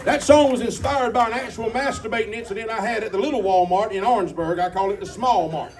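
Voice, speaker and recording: A man's voice: high-pitched, fast talker. Folksy man doing stand-up comedy. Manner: folksy storytelling, crowd banter. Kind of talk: stand-up comedy with sung bits. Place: comedy club stage. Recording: distant mic, live crowd and guitar. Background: audience laughter and guitar.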